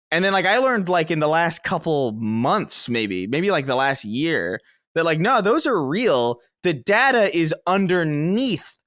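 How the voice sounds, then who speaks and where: A man's voice: fairly high pitch, a bit bright, no echo, studio quality. A man from the Bronx telling rambling, self-mocking stories as a guest on a casual podcast, cursing freely.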